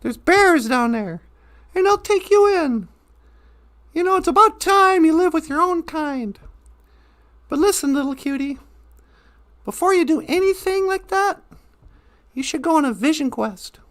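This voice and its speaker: A man's voice: very high-pitched, animated, unhurried, long pauses, fairly bright tone, exaggerated voice. A man voicing a friendly grown-up neighbor who gives advice in a chatty, hesitant way.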